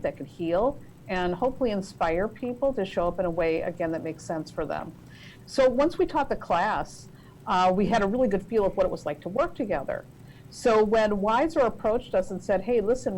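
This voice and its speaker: A woman guest on a talk podcast explains her work in a warm, conversational storytelling way, leaning on "you know" as she goes. Her pitch sits mid-range, and there is faint noise behind her. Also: low-quality recording. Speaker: guest author and tarot reader. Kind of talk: podcast interview answer.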